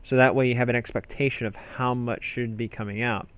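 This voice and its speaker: In a spoken medical lesson, an emergency physician explains a procedure conversationally, with fillers and restarts. His mid-range voice is clear and resonant, brisk in pace, with fairly even intonation.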